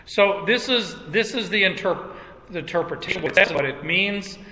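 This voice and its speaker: A middle-aged male pastor preaching in an unhurried, halting way, often restarting his phrases. His voice is very bright and a bit high, and it rings out with a long hall reverb. He sounds like he's in a church sanctuary. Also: expressive, slight background noise. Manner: slow, halting, with restarts and chuckles. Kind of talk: sermon.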